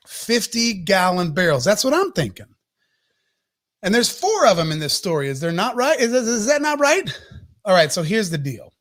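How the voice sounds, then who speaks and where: A man hosting a podcast, telling a comic story in an animated, profane rant. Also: high-pitched. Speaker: podcast host.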